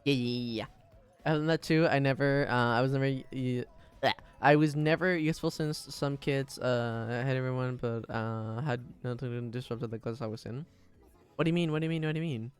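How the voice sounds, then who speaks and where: A man's voice: medium pitch, a little fast, clear, resonant tone. A man streaming himself drawing, chatting casually, giggling and humming little tunes as he works. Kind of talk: casual chat while drawing. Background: faint background music.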